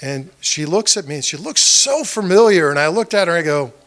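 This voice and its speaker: A man's voice: fairly high pitch, animated, fairly quick, fairly bright tone. A man running for office, giving a conversational campaign speech at a small meeting and telling stories that act out what people said. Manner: conversational storytelling, acting out quoted dialogue; addresses the audience directly with questions. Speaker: political candidate. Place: meeting room with about 30 people.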